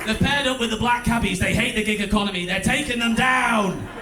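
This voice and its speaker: A man with a Stoke-on-Trent accent performing a stand-up comedy set on a club stage, chatty and wry, with bursts of loud mimicry. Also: sits high, a little fast, over music. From England. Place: comedy club stage before a live audience.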